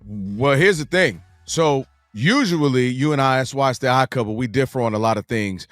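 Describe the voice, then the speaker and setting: A man co-hosting a sports radio debate, explaining his view in a measured way and acting out quotes in a higher voice. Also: lively intonation, fairly bright tone, dry recording, faint music behind. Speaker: radio co-host.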